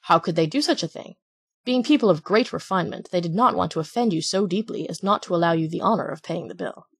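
A woman voicing a sly male innkeeper who makes quick, glib excuses, in a husky voice. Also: fairly low pitch.

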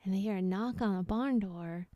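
Podcast co-host, female, rambling storyteller with a smooth voice, dry close sound. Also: medium pitch, moderate pace, no room sound, highs cut off. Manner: rambling storyteller, acts out characters loudly. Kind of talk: casual chat, telling a long joke.

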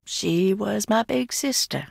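A woman's voice: mid-range voice, slow, gravelly, no room sound, clean studio sound, exaggerated voice. An actress playing an eccentric, mocking young woman hiding in an old mansion in a video game, talking with sardonic, theatrical swings. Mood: somber. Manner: sardonic, theatrical, swinging between taunts and outbursts.

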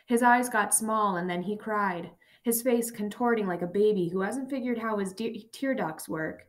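A woman's voice: medium pitch, normal speed, hardly any pauses. Woman reading a somber memoir aloud. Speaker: audiobook narrator. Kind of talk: first-person memoir narration.

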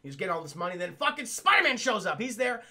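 A man recapping a cartoon episode for a live chat in a casual, profane, excitable way, laughing often. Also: sits high, fast. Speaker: cartoon reviewer streaming to chat.

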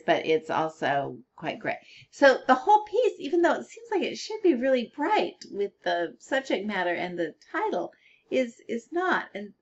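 A woman's voice: fairly low pitch, highs cut off. A middle-aged woman giving a casual spoken critique of colored pencil art, thinking aloud with fillers and restarts.

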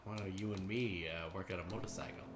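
A man in his fifties, a streamer giving loud, profane, teasing commentary while he plays a game. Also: deep voice, steady tone, fast talker. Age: 50s. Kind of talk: casual gaming commentary. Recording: roomy sound with game music.

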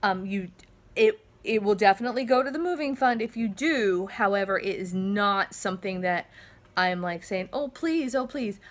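A middle-aged woman hosts a home vlog in a family home with kids around, talking to camera in an earnest, rambling, heartfelt way. She sounds emotional and a little shaky, with many fillers and restarts, and speaks at medium pitch and a moderate pace.

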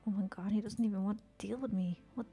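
Woman streamer, husky, gravelly fry, casual chatty gaming talk, faint music behind. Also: mid-range voice, steady tone, quick pace, mellow. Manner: chatty, swears casually, talks to game characters; often drops to a whisper. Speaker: game streamer. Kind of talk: casual live-stream chat while gaming.

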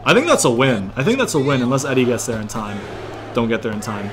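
A man's voice: mid-range voice, very animated, a little fast, a bit bright, slight background noise. A man giving casual, rambling gameplay commentary, thinking aloud and swearing freely. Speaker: gaming YouTuber.

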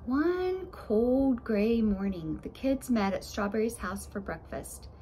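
A woman reading a children's storybook aloud in an expressive, sing-song way. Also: fairly high pitch, takes it slowly, slight background noise. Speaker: storybook reader.

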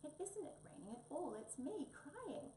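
A woman's voice: high-pitched, very animated, unhurried, mellow, voice pushed up. A woman voicing an eager, childlike young male wombat in a storybook, heard in an echoey room from a distance with faint noise.

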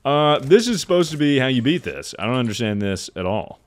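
In a fairly quick, sing-song, mid-range voice, a man who has been drinking streams a game and talks loosely, laughing, cursing and rambling as he goes.

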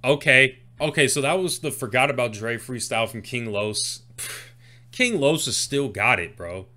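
A man reacting to a rap freestyle, his voice bright and forceful as he explains each line. He talks in a loose, casual way and gets excited as he unpacks the wordplay. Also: mid-range voice, measured pace. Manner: excitable, breaks down lyrics line by line. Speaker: music reaction host.

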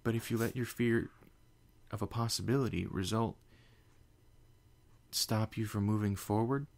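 A man's voice: on the low side, steady tone, unhurried, creaky, darkish tone, voice pushed up. A man playing a shaky, tearful young pony mare. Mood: anxious. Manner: shaky, stammering, sniffly. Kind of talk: fan fiction reading.

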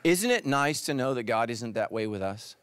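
A man preaching a sermon as pastor, animated and speaking straight to his listeners. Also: mid-range voice, moderate pace, clean tone. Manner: animated, addresses listeners directly.

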